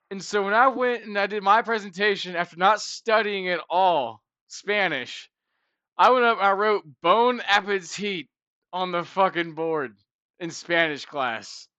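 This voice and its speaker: A young man co-hosting a podcast, telling stories in a loud, animated, profane way. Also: sits high, no echo, dull audio. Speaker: podcast co-host. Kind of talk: casual chat. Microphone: podcast mic.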